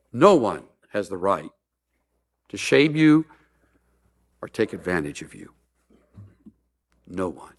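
A man's voice: on the low side, a bit bright. A man preaching a sermon as a pastor, mixing humorous stories with earnest appeals.

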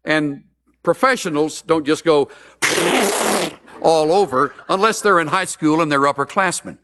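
A man's voice: a little high, measured pace, very noisy. A man preaching a sermon as a pastor, mixing humorous stories with earnest appeals.

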